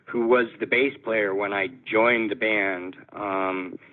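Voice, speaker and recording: A man's voice: lowish voice, steady tone, slow. A man, a musician, telling a story in a casual, amused way in an interview. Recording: tinny phone-like audio.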